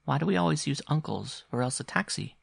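A man's voice: fairly high pitch, animated, a little fast, vocal fry, breathy edge, dry recording, clean studio sound, pitched above the performer's own voice, full character voice. A man doing an eager, questioning young boy. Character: curious, insistent young boy.

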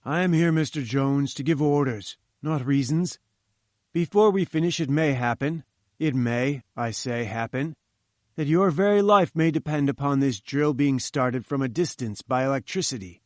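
A man's voice: medium pitch, normal speed, dry recording, clean studio sound, lightly acted. A man voicing a domineering, haughty older male scientist who barks orders. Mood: imperious. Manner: haughty and commanding.

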